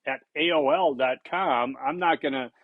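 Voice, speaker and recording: A man's voice: medium pitch, normal speed, dry recording, phone-quality sound. Blunt man in his sixties lecturing. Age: 60s. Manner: blunt, conversational, repeats points for emphasis. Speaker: college instructor. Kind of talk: recorded course lecture.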